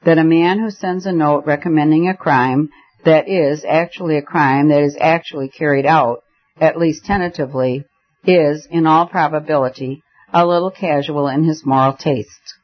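A man's voice: a little high, fairly even intonation, normal speed, dull audio, natural voice. A man voicing an eager young man who plays detective, with dramatic, commanding speech.

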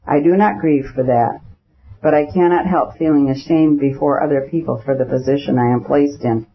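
A man's voice: mid-range voice, fairly even intonation, moderate pace, lightly acted. A man reading the lines of a crushed, self-pitying middle-aged official who speaks plaintively and formally in an audiobook. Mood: despairing. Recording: dull lo-fi recording.

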